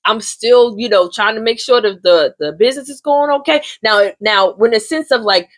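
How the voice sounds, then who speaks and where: A woman recaps a soap opera for her viewers with sass and slang, talking straight at them. Her voice sits high and gets animated as she goes. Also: normal speed. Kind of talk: casual chatty recap.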